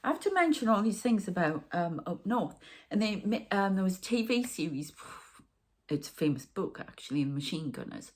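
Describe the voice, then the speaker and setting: A woman's voice: medium pitch, big pitch swings, normal speed. A middle-aged woman giving a rambling channelled tarot reading, talking to the viewer and aside to spirits. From northern England. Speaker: tarot reader and medium.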